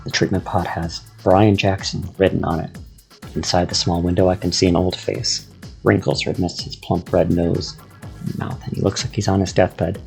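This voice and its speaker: Low gravelly guy reading a story in first person, calm and steady. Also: normal speed, soft background music. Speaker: audiobook narrator.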